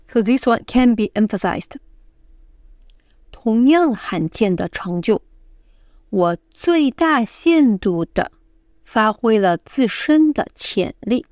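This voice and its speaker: A woman teaching Mandarin pronunciation, explaining in short phrases and slowly repeating the example words. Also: mid-range voice, a little mellow, no room sound, clean studio sound. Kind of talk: pronunciation lesson.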